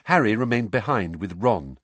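A man reading a storybook aloud as narrator, measured and expressive. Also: on the low side, no room sound. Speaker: audiobook narrator.

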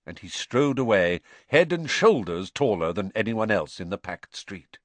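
A man reading an audiobook in an animated storytelling manner. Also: on the low side, normal speed, few pauses, no echo. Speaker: audiobook narrator. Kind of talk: scripted narration.

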